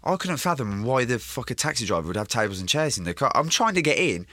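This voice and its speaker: A man's voice: medium pitch, big pitch swings, fast talker, bright, forceful tone, no echo. A man telling a long, rambling story in casual interview chat, swearing freely and slipping into voices of the people in it. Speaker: guest.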